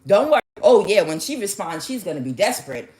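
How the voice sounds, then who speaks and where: A woman's voice: mid-range voice, sing-song, a little fast, darkish tone, close to an everyday voice. A woman voicing a group of scheming women who coach a man, reassuring him with false confidence. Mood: coaxing.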